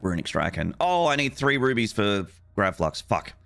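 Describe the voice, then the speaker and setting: A man in his forties chatting casually with his chat room while streaming a game, joking crudely and shouting out in excitement. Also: lowish voice, moderate pace, vocal fry, soft background music. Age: 40s.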